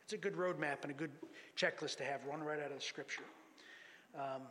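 A man's voice: a little high, fairly even intonation, fairly quick, fairly bright tone, slight background noise. A man preaching a sermon to a congregation, teaching lessons from scripture and reading passages aloud. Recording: long hall reverb.

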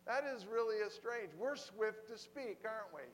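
A man delivers a sermon in a high, bright-sounding voice, breaking into put-on voices and laughing as he tells stories. The room carries a long reverberant tail. A faint hum sits underneath. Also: expressive, normal speed. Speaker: preacher.

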